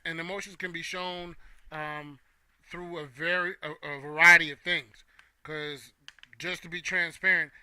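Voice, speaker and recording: A man's voice: on the high side, bright, forceful tone, clear, resonant tone, dry recording. A young man hosting a casual opinion talk, playful and joking with his chat. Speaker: host.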